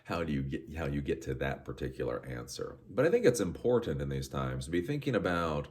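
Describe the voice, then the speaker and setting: A man's voice: very deep voice, sing-song, fairly quick, darkish tone. A man hosting a podcast, telling a rambling story in a casual monologue with frequent restarts. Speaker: podcast host.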